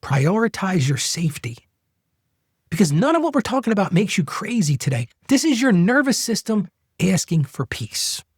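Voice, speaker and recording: A middle-aged man with a husky voice gives earnest advice on money and marriage. His pitch swings widely as he coaches and repeats key phrases for emphasis, and the recording is dry and close. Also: very animated, normal speed, no room sound. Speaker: podcast host. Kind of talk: faith-based money advice talk.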